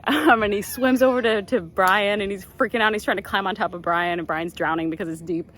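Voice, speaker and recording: A woman's voice: medium pitch, fairly even intonation, fast. A woman chatting casually as a mother vlogging her family trip, with lots of ums and restarts, outdoors on the water. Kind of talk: casual family travel vlog. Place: outdoors on a paddle board on the water. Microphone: handheld camera. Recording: outdoor camera audio with loud water noise.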